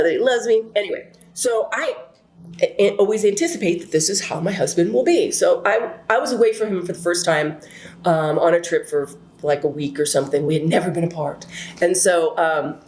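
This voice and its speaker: A woman's voice: lowish voice, a little hiss or hum. Chatty woman teaching in an echoey room. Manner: chatty, animated, many fillers and asides. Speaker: relationship class teacher. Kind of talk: casual teaching talk with personal stories.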